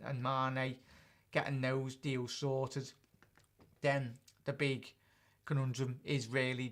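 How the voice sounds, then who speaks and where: A man's voice: mid-range voice, a bit bright. A man hosting a live-stream football chat as a fan channel host, chatting and answering viewer comments directly.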